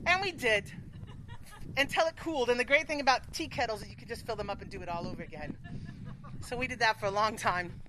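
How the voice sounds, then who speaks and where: A woman's voice: high-pitched, expressive, fast talker, sharp tone, a little hiss or hum, low-quality recording. A woman telling a frank, profane story on stage, laughing often, then hosting the next part of the show.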